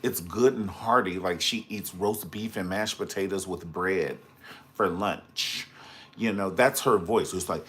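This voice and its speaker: A man's voice: on the low side, a little slow, a bit bright. A man reviewing a reality show on a live stream, sassy and dramatic, calling out to viewers in the comments as he gossips. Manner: sassy, dramatic and gossipy, full of slang asides.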